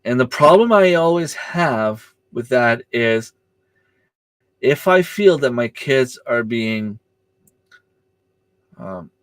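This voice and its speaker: A man who coaches youth soccer chats casually on a livestream, telling stories and acting out the quoted exchanges with rising pitch. He's expressive but slow, pausing often, hesitant, and full of fillers and restarts, in a dry recording.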